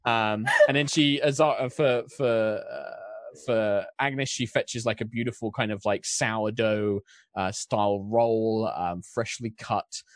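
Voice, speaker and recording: A man's voice: on the low side, steady tone, unhurried, dry recording, clean studio sound. A man narrating as dungeon master, describing scenes in a rambling way full of fillers. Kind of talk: narrating a tabletop game.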